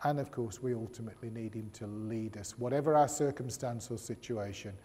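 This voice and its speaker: A preacher delivers a sermon in a conversational style, tossing in jokes and rhetorical questions. His voice is medium-pitched, mellow and slightly quick, with a little background noise and the long reverb of a big hall.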